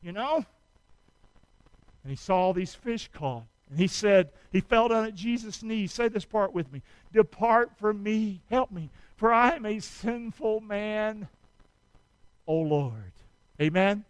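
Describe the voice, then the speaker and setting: A man preaching a sermon, asking his congregation to answer back and building up to loud, fervent cries. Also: high-pitched, clean tone, dry recording, poor audio. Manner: call-and-response preaching, rising to shouts. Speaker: pastor.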